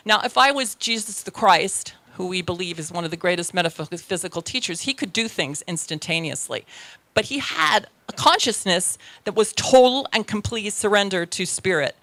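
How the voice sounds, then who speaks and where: A woman minister delivers a conversational sermon and keeps checking in with her listeners. Her voice has a gravelly texture with a bright, forward tone. The sound is dry and close, with little room around it. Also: medium pitch, expressive, moderate pace, dry recording. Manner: chatty, self-deprecating, checks in with the congregation.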